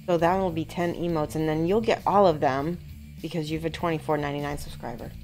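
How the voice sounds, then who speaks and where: A woman host chatting excitedly on a live stream as she shows off a miniature she is painting. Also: low voice, fast talker, faint music behind. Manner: chatty and excitable, often laughing. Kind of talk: casual live-stream chat.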